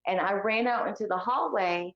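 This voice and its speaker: A woman's voice: medium pitch, normal speed. A woman speaking candidly and with heat as she recounts her own life story in a podcast interview, her speech full of fillers. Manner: candid and heated, with many fillers. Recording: echoey, dull lo-fi remote call audio.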